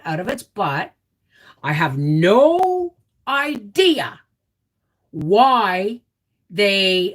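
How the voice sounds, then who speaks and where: A middle-aged woman chats on her homestead live stream, greeting viewers by name. Her voice sits low but swings widely in pitch. She talks at an unhurried, drawn-out pace. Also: a bit bright. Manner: chatty, reads out viewer names, gets emotional. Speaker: homestead channel host. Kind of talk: casual live stream chat.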